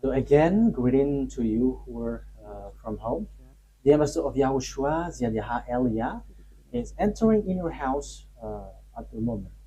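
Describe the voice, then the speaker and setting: A man preaching a sermon, emphatic and halting, rising sharply on key points between pauses and fillers. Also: mid-range voice, expressive, dark tone, a little hiss or hum, low-quality recording.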